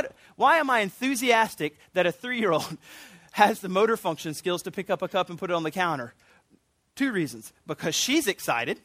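A man preaching a sermon, animated and earnest, often restarting his sentences. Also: high-pitched, no echo. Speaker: pastor.

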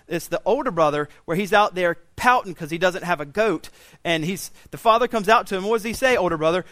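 A pastor preaching a sermon in a church, swinging from quiet intensity to loud, raised pleading. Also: male voice, high voice, dry recording. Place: church sanctuary.

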